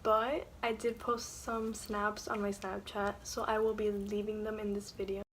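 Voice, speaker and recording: With faint music playing behind her, a young woman tells a casual story time vlog from her dorm at night. Her voice is medium in pitch and moderately paced, and she retells things animatedly, chattering along with lots of "like" fillers.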